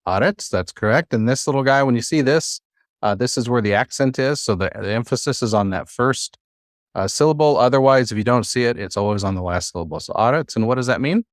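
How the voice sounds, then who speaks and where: A man's voice: medium pitch, a little fast, dry recording, studio quality. A man teaching a classroom lesson, patient and encouraging, with many fillers. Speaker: Hebrew teacher.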